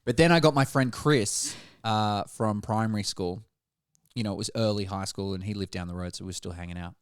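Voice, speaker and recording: A man's voice: on the low side, fairly quick, clean tone, dry recording, clean studio sound. A man in his thirties, co-hosting a podcast and telling a rambling, self-mocking story in casual chat. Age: 30s. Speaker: podcast co-host.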